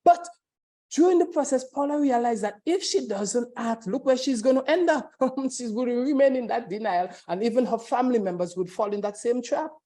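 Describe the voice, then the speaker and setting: A woman speaking in a webinar, telling a dramatized story in an expressive, repetitive way. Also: on the high side.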